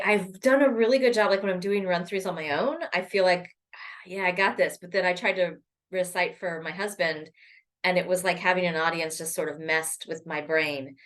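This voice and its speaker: A woman's voice: on the low side, a bit bright. A woman rambling casually to her laptop camera, full of ums and restarts. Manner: chatty, rambling, many ums. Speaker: poetry vlogger. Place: home room at a laptop. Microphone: laptop mic.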